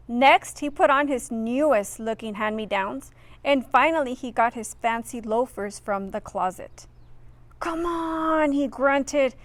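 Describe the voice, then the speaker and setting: A woman's voice: high voice, dry recording. A woman reading a children's picture book aloud expressively, adding friendly asides for her listeners. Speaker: reader.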